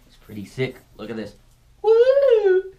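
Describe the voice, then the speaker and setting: A man's voice: mid-range voice, a little slow, a bit bright, lo-fi sound. A man talking casually as a vlogger to his viewers, rambling in a goofy way and often cutting himself off. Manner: rambling, goofy, self-interrupting. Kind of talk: casual vlog chat.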